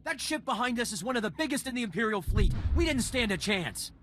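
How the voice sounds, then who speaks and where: An actor playing a despairing, panicked starship first officer in a video game. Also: male voice, very high-pitched, sing-song, fast, fairly bright tone, a little hiss or hum, full character voice. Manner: panicked and defeatist.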